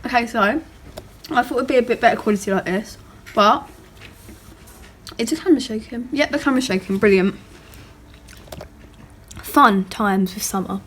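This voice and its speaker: A woman's voice: on the high side, moderate pace, pauses often, a little hiss or hum. A teenage girl, chatting casually in a beauty vlog at home, rambling and joking at herself. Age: teens. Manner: chatty, rambling, self-mocking. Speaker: beauty vlogger.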